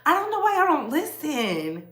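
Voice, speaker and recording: A woman's voice: sits high, wildly swooping pitch, normal speed. A woman hosting a gossip commentary vlog, blunt, emphatic and sassy in her opinions.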